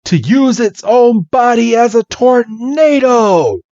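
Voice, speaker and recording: A man's voice: extremely high pitch, lively intonation, slow, a little mellow, dry recording, muffled recording, pitched above the performer's own voice, heavily acted. A man doing a cocky, taunting gym leader. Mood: boastful.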